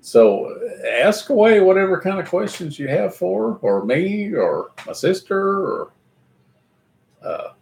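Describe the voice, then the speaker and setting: Hoarse, animated Kentucky man. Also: high-pitched, takes it slowly. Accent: Southern US, Kentucky. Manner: chatty, joking, laughs often. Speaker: livestream host. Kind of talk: casual live chat reading viewer comments.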